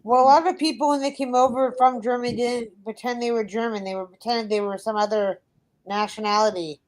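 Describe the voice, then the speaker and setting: A woman's voice: fairly high pitch, fairly even intonation, a little fast, low-quality recording. Woman chatting, matter-of-fact. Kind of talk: casual chat.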